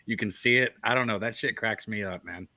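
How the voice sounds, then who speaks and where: A man in casual chat among friends on a betting stream, swearing freely and animated. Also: on the low side, a little fast, dry recording. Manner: profane, animated.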